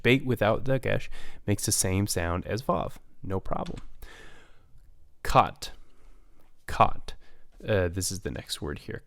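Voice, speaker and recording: Low-voiced teacher, halting and dry. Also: male voice, gravelly, no room sound. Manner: halting, many fillers and restarts. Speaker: Hebrew teacher. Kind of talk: recorded online lesson.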